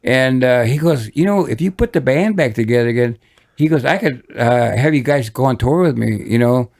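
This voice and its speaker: A man's voice: medium pitch, expressive, normal speed, darkish tone. An older man from Michigan, a guest musician telling long, rambling stories in a casual interview, with many restarts and chuckles. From Michigan, USA.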